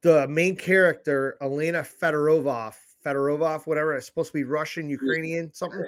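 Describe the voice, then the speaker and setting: A man with a notably high voice chats bluntly in casual banter. He swears freely and gives his opinions without softening them. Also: fairly even intonation, brisk. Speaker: podcast co-host.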